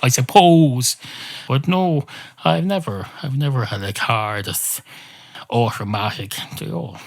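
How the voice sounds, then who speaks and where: A man hosting a comedy podcast, musing aloud in a rambling, self-interrupting deadpan. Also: medium pitch. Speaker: podcast host. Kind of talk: solo comedic rambling monologue.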